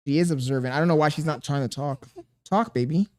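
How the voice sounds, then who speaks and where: A man's voice: fairly high pitch, steady tone, fast talker. A man streaming live, reading chat comments aloud and cooing at a baby in a playful, mock self-pitying way. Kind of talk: casual livestream chat.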